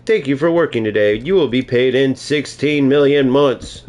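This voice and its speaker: A man's voice: medium pitch, moderate pace, a little mellow, close to an everyday voice. A man mimicking a stiff, mock-formal automated payroll voice in a sing-song delivery.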